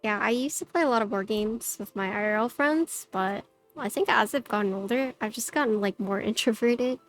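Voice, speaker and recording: Woman streamer, higher voice, casual chat with viewers, lots of "like" fillers, slightly robotic noise filter, soft music behind. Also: normal speed. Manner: chatty, many "like" fillers. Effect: slightly robotic noise-suppression filter. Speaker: livestreamer.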